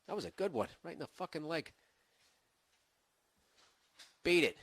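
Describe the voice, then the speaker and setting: A man's voice: on the high side, very animated, fast, few pauses, pushed and bright, no echo. A man hosting a podcast, talking in a casual comedic rant full of profanity and sarcastic mock insults. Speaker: podcast host.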